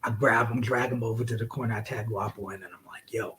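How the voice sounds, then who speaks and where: As a podcast guest, a man with a middle-pitched voice tells a profane story, casual and animated, acting out quotes and dropping to whispers for effect. He talks fast with a sharp tone and fairly even intonation, and there's a slight hiss or hum.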